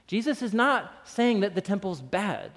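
A man preaching a casual, animated sermon, often breaking into laughter. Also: sits high, moderate pace. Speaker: pastor. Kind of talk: conversational sermon. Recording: long reverb in a hall.

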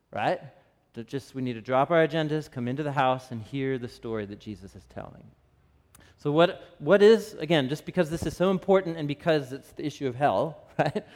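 A man in his thirties preaching a conversational sermon as a pastor, animated and chatty, often checking in with the crowd. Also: on the high side. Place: church sanctuary. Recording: long reverb of a large hall.

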